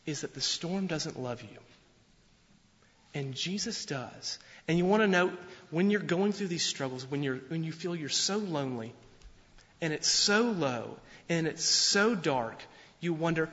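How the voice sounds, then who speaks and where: A man preaching a sermon as pastor, earnest and deliberate, slowing down and swelling his voice for emphasis. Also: a little high, lively intonation, fairly bright tone. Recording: dull sound with long hall reverb.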